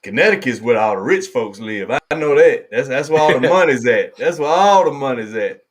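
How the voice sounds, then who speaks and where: A man's voice: mid-range voice, lively intonation, a little fast. A man with a Southern US accent hosting a live stream, chatting casually, laughing often and repeating his phrases. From American South. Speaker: host.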